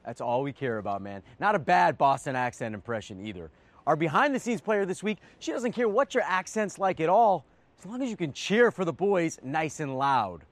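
A man hosts a sports show with energetic banter. His voice is animated and sits a bit high for a man. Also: normal speed. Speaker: show host. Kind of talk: broadcast hosting.

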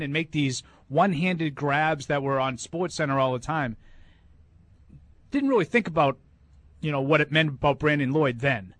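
A man's voice: fairly high pitch, a bit bright, dry recording. Dry-sounding emphatic man debating sports. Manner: hesitant restarts, then emphatic. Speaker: sports talk show regular.

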